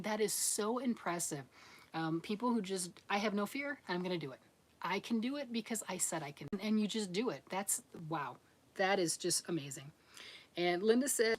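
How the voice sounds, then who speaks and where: A middle-aged woman casually chatting on a livestream, reading out viewer comments and answering them in a chatty, encouraging way with frequent laughs. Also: medium pitch. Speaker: livestream host of a crochet channel.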